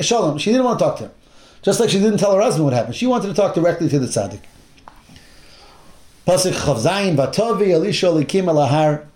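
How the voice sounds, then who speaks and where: A man with a high-set voice teaches a Torah class, bringing the Bible story to life. He acts out the characters' lines and drops in Hebrew terms as he goes. The room gives his voice a noticeable echo. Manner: animated retelling with acted-out quotes and Hebrew terms. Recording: roomy echo.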